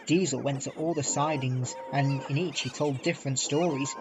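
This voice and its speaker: A man reading a children's storybook aloud in a measured, plain narrating voice. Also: medium pitch, steady tone, darkish tone, a little hiss or hum. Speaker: storybook reader.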